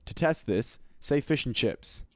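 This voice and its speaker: Australian host with a dry close sound. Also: male voice, medium pitch, expressive, measured pace, no echo. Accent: light Australian. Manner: chatty, swearing, self-deprecating. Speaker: interview host. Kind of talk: casual interview chat.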